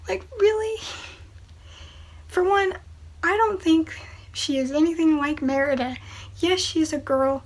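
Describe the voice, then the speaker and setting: A woman's voice: high-pitched, a little slow. A woman casually reviewing a movie in a chatty, opinionated way, with exasperated asides.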